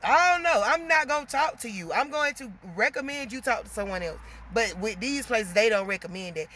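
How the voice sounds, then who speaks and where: A woman venting in a casual monologue to her viewers, animated and emotional, getting loud as she talks. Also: a little high, fairly quick, a little hiss or hum. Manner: gets loud when emotional.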